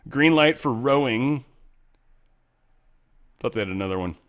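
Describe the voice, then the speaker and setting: A man's voice: mid-range voice, animated, unhurried, fairly bright tone. A man hosting a show, giving casual political commentary in a blunt, rambling way with frequent profanity. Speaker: show host.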